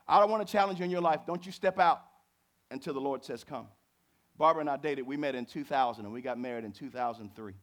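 A middle-aged pastor preaching a sermon, swinging from low, chatty asides to high, fervent climbs. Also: male voice, fast.

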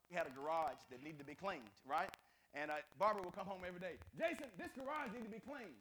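A male pastor delivers a sermon in a high, ringing voice. He preaches conversationally, with folksy grammar and "y'all," and keeps swinging between loud bursts and quiet asides. A faint hiss sits under the recording. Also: low-quality recording. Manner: animated storytelling with rising and falling intensity.

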